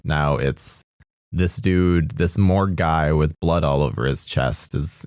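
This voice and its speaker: A man's voice: rumbling low, takes it slowly, gravelly, darkish tone, dry recording, studio quality. A man co-hosting a podcast in casual chat, asking exasperated, incredulous questions. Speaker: podcast co-host.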